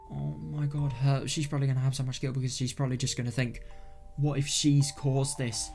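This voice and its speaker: A man hosting a let's play, reacting out loud to a visual novel with repeated exclamations and some swearing, and trailing off into fillers when he thinks aloud. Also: medium pitch, flat delivery, vocal fry, faint music behind. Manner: halting with fillers and restarts when he talks things through.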